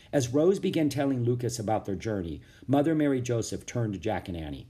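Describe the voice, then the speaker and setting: A man reading a children's chapter book aloud in steady storytelling narration. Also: mid-range voice, a little fast. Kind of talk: audiobook narration.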